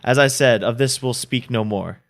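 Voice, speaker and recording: A man reading a weary young woman's lines in Shakespearean verse, calm and fairly plain. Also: mid-range voice, moderate pace, close to an everyday voice. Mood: cool.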